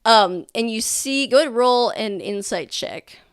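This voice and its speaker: A woman's voice: on the high side, lively intonation, moderate pace, clear, resonant tone, no echo, studio quality. A woman narrating a tabletop game as game master, loose and full of fillers.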